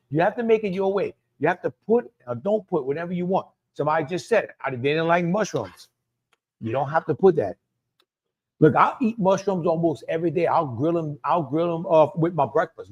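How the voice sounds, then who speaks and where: Pitched a bit above the usual male range, a Cajun-accented Louisianan leads a live cooking demo, speaking fairly quickly with a lively lilt and a slightly rough edge. He's chatty, circles back on what he's said, and calls out chat members by name.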